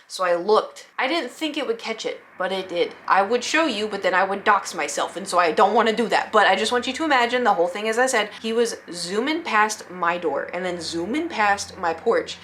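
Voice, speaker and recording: Animated young woman telling a story. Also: brisk, hardly any pauses. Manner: animated, acts out quoted friends in a higher voice. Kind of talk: casual storytelling vlog.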